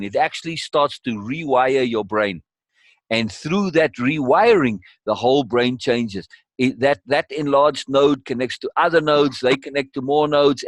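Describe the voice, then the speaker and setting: A man's voice: mid-range voice, no room sound. A man leading a course session in conversational teaching style, emphatic and repeating key words for weight.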